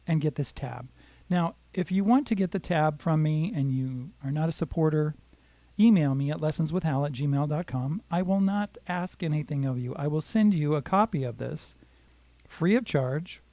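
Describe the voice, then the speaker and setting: Older male guitar teacher, chatty and rambling, slightly high mellow voice in a dry room with guitar behind. Casual live-lesson delivery. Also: no echo. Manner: chatty, rambling, greets viewers by name.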